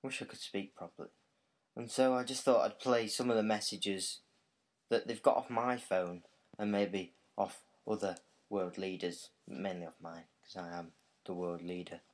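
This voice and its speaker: Rambling comic man, low voice. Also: steady tone, moderate pace. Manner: rambling, jokey, puts on silly accents. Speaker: podcast host. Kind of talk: casual comedic monologue.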